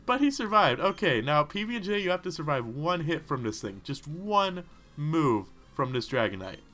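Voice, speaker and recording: A man giving rambling, excitable gaming commentary, talking back to the characters on screen. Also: on the high side, moderate pace. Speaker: let's play host.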